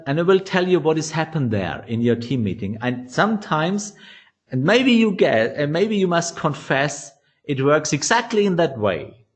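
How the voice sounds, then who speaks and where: A man teaching trading psychology in non-native English, animated and often restarting phrases. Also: a little high. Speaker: trading educator. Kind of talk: instructional talk.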